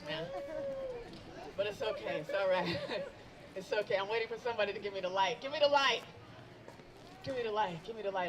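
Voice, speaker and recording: A middle-aged woman doing a stand-up set outdoors, teasing herself and bantering with the crowd. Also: mid-range voice. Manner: self-deprecating, bantering with the crowd. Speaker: stand-up comedian. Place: outdoor event. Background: crowd of onlookers.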